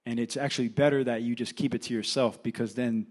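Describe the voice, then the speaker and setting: Young male assistant pastor, Californian accent, chatty filler-laden church testimony, mid-pitched. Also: fairly even intonation, fast, darkish tone. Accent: Californian English. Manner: conversational, filler-heavy storytelling. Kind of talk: casual testimony sermon.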